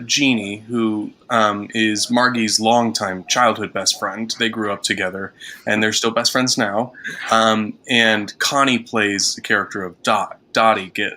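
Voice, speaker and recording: A man's voice: on the low side, pushed and bright. A man, a theater director, chatting casually and praising his cast with easy laughs. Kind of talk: casual interview chat.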